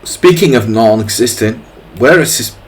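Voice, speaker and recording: A man's voice: medium pitch, expressive, moderate pace. A man commentating his own online chess games to viewers in a jokey, casual way, teasing opponents with playful asides. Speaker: chess streamer. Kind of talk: casual commentary while playing.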